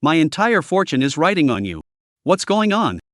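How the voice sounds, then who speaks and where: A man's voice: a little high, very animated, moderate pace, dry recording, studio quality. A man reading the lines of an arrogant, hot-tempered young male dragon knight in a story recap, with little change from his narrating voice. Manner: brash, shouting.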